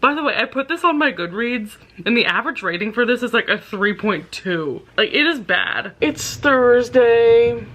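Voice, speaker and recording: A woman's voice: medium pitch, lively intonation, normal speed, few pauses, bright, forceful tone. A young woman chatting casually in a book vlog from home, sarcastic and rambling, often breaking into laughter. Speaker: book vlogger. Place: at home, in bed.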